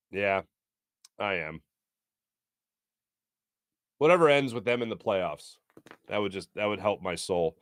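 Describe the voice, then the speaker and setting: A man's voice: on the low side, slow pace, pauses often, no echo. A man in his thirties hosting a live sports talk show, reading out viewer comments in a playful, joking way. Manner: playful, animated, jokey.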